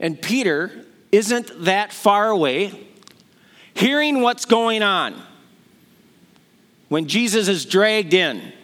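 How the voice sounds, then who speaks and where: A man's voice: sits high, animated, slow pace, long pauses, bright, forceful tone. A middle-aged man preaching a sermon, telling the stories with animation and acting out the voices he quotes. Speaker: pastor.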